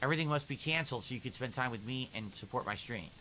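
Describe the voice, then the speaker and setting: A man's voice: mid-range voice, rapid-fire, crowd noise, rough recording. A man streaming a game live, chatting upbeat and thanking donors.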